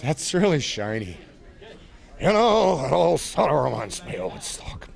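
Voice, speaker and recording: A man with a hugely animated voice, swooping up and down as he talks. He is a convention guest and talks manically, jumping without warning into silly voices. It sounds like a live recording made at the convention. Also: a little high, a little slow, vocal fry. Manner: manic, jumps into silly voices mid-sentence. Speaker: voice actor guest. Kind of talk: convention interview.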